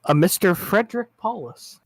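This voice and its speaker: A young man chatting as co-host, making deadpan jokes, swearing often and getting excited. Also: high-pitched, moderate pace, gravelly, no room sound. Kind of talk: casual chat on a live show.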